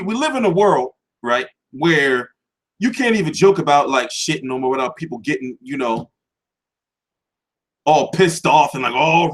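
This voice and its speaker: Animated man in profane casual rant. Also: fairly high pitch. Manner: loose, profane, rhetorical questions. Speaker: boxing show host. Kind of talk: casual livestream commentary.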